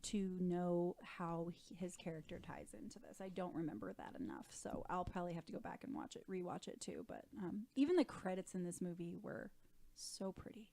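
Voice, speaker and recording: A woman's voice: on the low side, a little fast, hardly any pauses, mellow. A woman co-hosting a movie review show in casual chat, enthusiastic, with many agreeing fillers.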